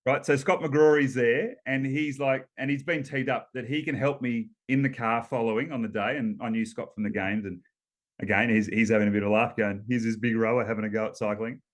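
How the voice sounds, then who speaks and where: An Australian man in his fifties sits in as an interview guest, telling stories at an easy, middling pitch. He rambles warmly through fillers and restarts, breaking into short laughs between points. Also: steady tone, fairly quick. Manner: chatty storyteller, laughs between points, many ums and restarts. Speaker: guest, former Olympic rower. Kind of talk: casual storytelling interview.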